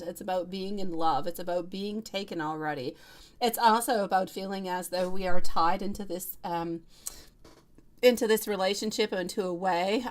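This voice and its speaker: A middle-aged woman giving a live-stream tarot reading, calling the viewer sweet love and reading cards to them. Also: lowish voice. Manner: warm, endearing, chatting with viewers. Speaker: tarot reader.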